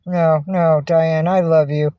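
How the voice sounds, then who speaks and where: A woman on a casual livestream who swings between angry, profane ranting at her viewers and soft baby talk to her cats, speaking from inside a minivan. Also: low-pitched, level tone, slow, highs cut off.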